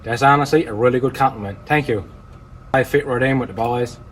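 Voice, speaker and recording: A plain-spoken man with a Newfoundland accent, chatting easily about his car projects in a vlog. His dry humour comes through in a voice of ordinary pitch, with faint ambient and vehicle noise behind him. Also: fairly quick, low-quality recording. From Newfoundland, Canada. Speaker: car-flipping YouTuber. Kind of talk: casual vlog talk.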